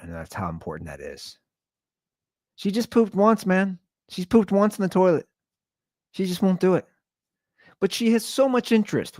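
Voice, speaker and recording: A man talks straight into a dry-sounding mic, his pitch leaping around as he rambles through jokes at his own expense. He often trips over and repeats his words. The delivery is loose, unscripted podcast chat. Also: no echo. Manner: rambling, joking, self-deprecating. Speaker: podcast host. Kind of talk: casual solo podcast rant.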